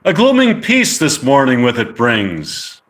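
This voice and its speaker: A man voicing a solemn prince who closes a tragic tale, reciting slow, grave Shakespearean verse. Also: mid-range voice, wildly swooping pitch, a bit bright.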